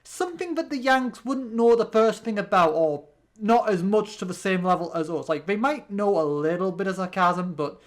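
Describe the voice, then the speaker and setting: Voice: mid-range voice, normal speed. Rambling British let's play host. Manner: rambling, with many restarts and fillers. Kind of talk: gameplay commentary.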